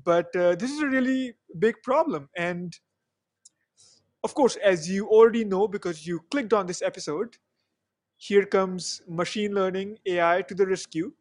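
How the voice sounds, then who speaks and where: High-voiced chatty male podcast host. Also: normal speed, no room sound, clean studio sound. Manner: chatty, self-correcting, frequent fillers. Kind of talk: podcast introduction.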